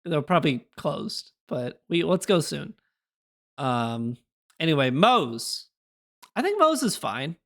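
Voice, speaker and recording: A man's voice: on the high side, big pitch swings, takes it slowly. A young man chatting casually on a live stream, rambling through opinions and answering his chat with little laughs.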